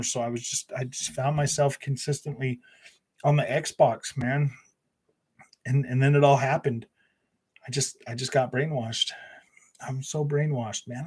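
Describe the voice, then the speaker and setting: A man's voice: a little high, slightly rough. A man hosting a gaming channel, chatting casually on a live stream in a sarcastic, mocking way and saying "man" and "bro" a lot.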